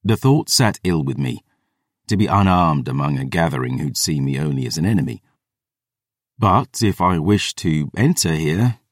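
A man with a very low voice narrates a first-person fantasy story in a measured, descriptive way. He is close to the mic in a dry studio recording. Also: no room sound. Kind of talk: scripted fantasy audiobook narration.

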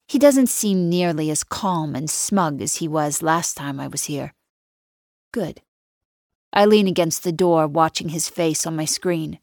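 A woman reads a first-person thriller audiobook in a calm, controlled, coolly patient voice. Her tone sits on the lower side, and the recording is dry and close, with no room sound. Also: measured pace, dry recording. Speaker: narrator.

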